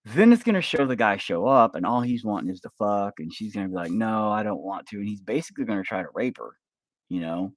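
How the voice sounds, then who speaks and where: A man in a casual, profane, rambling monologue, pitching a movie plot while working with his hands at home. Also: very animated, quick pace, no room sound. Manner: rambling, profane, acts out scenes. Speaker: vlogger pitching a film idea. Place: home office while carving.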